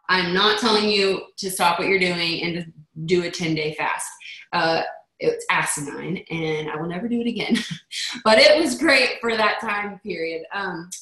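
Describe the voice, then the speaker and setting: A woman's voice: on the low side, normal speed, sharp tone, reverberant, rough recording. A woman leading a motivational team call in a chatty manner, acting out the voices she quotes. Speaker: network marketing team leader.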